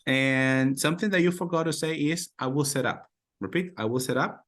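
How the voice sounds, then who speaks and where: A man's voice: medium pitch, brisk, a bit bright. A man teaching call center English on a video call, repeating phrases and encouraging the learners. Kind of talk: online class coaching.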